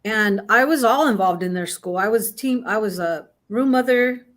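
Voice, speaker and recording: A woman's voice: mid-range voice, moderate pace, a bit bright. A middle-aged woman guest in casual chat, telling a long story with many restarts and fillers. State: has the hiccups.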